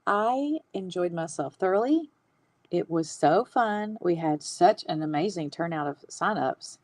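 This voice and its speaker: A woman's voice: fairly low pitch, lively intonation, a little slow, no echo. A woman, hosting a casual livestream on hand lettering and chatting with viewers. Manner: chatty, warm-hearted, laughs often.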